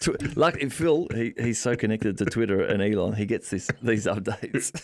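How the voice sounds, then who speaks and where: Man, podcast host, gravelly voice, lively pitch, dry close sound, joking. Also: no room sound. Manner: joking, quick interjections. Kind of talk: casual chat.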